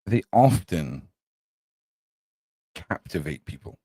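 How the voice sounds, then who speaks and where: A man with a low voice speaks slowly, recorded with no echo. As a livestream podcast host in a casual setting, he's animated with viewers, calls them "mate," and swears casually from time to time.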